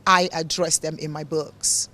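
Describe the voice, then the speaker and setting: She has a deep, pushed, bright voice with a flat, unhurried delivery. A motivational speaker and author from Nigeria, she responds to interview questions in a hard-to-place accent mixing English, African and Italian tones, preaching earnestly and repeating words for emphasis.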